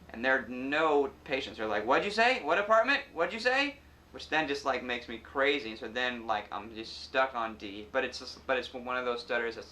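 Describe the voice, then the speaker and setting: A man's voice: mid-range voice, sharp tone. A man in his thirties, an actor, telling his own story in a candid, reflective way, with stutter blocks and repeated sounds. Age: 30s. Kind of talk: personal interview testimony.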